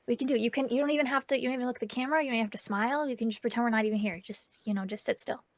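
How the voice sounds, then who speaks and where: A woman's voice: a little high, steady tone, rapid-fire. A woman speaking as her character in a tabletop game, eager and coaxing. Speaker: player. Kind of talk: tabletop role-play.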